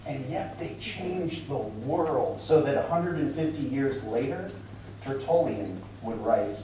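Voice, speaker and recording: A man's voice: on the high side, dark tone, slight background noise. Man preaching in an echoey hall. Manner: conversational preaching with asides. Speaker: pastor. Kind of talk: sermon. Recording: echoey hall, mic at a distance.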